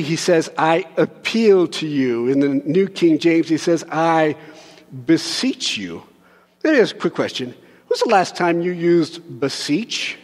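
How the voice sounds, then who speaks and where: A man preaching a conversational sermon as pastor, joking with the congregation and moving between soft asides and loud, pleading emphasis. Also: fairly high pitch. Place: church sanctuary. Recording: long hall reverb.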